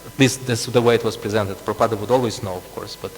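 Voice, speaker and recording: A man's voice: on the low side, steady tone, fast. A man preaching a scripture class, explaining with asides and frequent chuckles. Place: temple hall. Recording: long reverb, faint hum.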